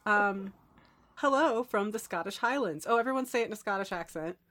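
A woman's voice: medium pitch, expressive, brisk, fairly bright tone. A woman hosting a casual podcast chat, reading out listener mail with giggly, self-deprecating asides.

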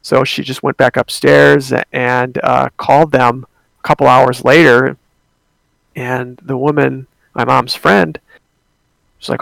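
A man's voice: medium pitch, level tone, slow pace, vocal fry, fairly bright tone, no room sound. A young man telling a personal ghost story in a casual, rambling way, with many fillers and restarts.

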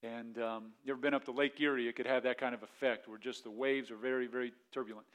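A male pastor preaching a sermon, telling the story with lively acted-out panic and dropping to quiet, reflective asides. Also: mid-range voice, fast. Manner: animated storytelling, acts out the disciples' panic in a raised voice; drops to a quiet, soft delivery for reflective points.

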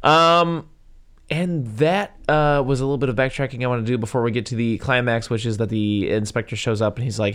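A man's voice: mid-range voice, steady tone, fairly quick, a bit bright, smooth. A man co-hosting a casual movie review podcast, rambling with plenty of fillers and side notes. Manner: rambling, full of fillers and asides. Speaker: podcast co-host.

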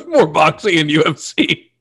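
A man's voice: fairly high pitch, sing-song, slow pace, vocal fry, a bit bright, breathy edge. A man co-hosting a podcast, teasing his partner with dry humor in casual chat. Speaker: podcast co-host.

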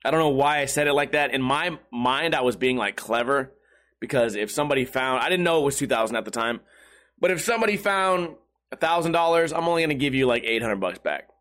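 Young man, solo talk host, crude and rambling, self-mocking, mid pitch. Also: lively intonation, fairly quick, a bit bright. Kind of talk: casual crude storytelling monologue.

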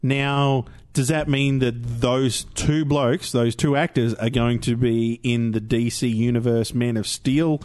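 A man's voice: mid-range voice, little pitch movement, measured pace, few pauses, a little mellow. An Australian man co-hosting a casual podcast chat, talking in restarts and swearing casually. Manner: chatty, swears, many restarts. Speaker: podcast co-host.

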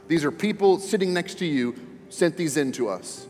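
A man's voice: fairly high pitch, animated, normal speed, darkish tone. A man preaching a sermon as pastor, speaking earnestly and emphatically, often repeating words for stress. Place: church auditorium. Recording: long reverb in a large hall, faint music.

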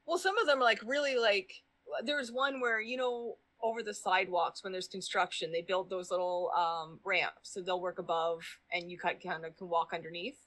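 A woman's voice: on the low side, normal speed, a bit bright. A woman chatting casually as a podcast guest, rambling with lots of "um" and "like" and swearing freely. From Canada.

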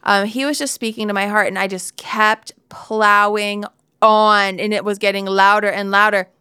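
A woman's voice: mid-range voice, fairly even intonation, moderate pace, sharp tone, clean tone, no echo. A woman in her forties giving a candid devotional Bible talk, telling a personal story with laughs and asides, into a close studio mic.

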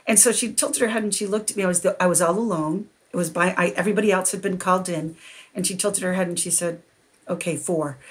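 A middle-aged woman, a podcast guest, telling a long personal story with lively energy and frequent laughter. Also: on the low side, slightly rough. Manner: animated, laughs often while telling a story. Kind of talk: storytelling in a conversation.

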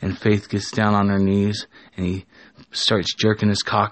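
A man's voice: fairly low pitch, flat delivery, a little slow, a bit bright, dry recording. A man casually telling an improvised story, often stopping and correcting himself. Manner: casual, with frequent restarts and self-corrections. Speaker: storyteller and show host.

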